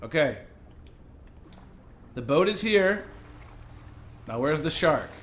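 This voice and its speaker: A young man giving live gameplay commentary as a streamer, excitable, breaking into yells and laughs. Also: on the high side, slow pace, a little hiss or hum. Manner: excitable, yelling and laughing in bursts. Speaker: gaming streamer.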